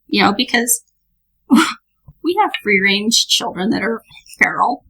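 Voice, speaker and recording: A woman guest on a podcast, telling a story in a lively, laughing way. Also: fairly high pitch, normal speed, creaky, husky, poor audio. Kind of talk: casual storytelling.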